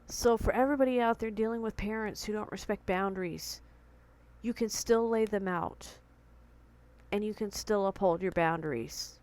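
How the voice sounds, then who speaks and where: A woman's voice: medium pitch, moderate pace, a little mellow, poor audio. A young woman vlogging at home, earnestly retelling a tense confrontation, still shaken with her heart pounding. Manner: earnest, emotional retelling with quoted dialogue. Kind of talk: personal storytelling vlog.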